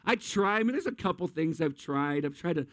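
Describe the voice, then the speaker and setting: A man's voice: fairly high pitch, animated, fairly quick, a bit bright, no room sound. A middle-aged man, a pastor, preaching a sermon with humorous, self-deprecating stories.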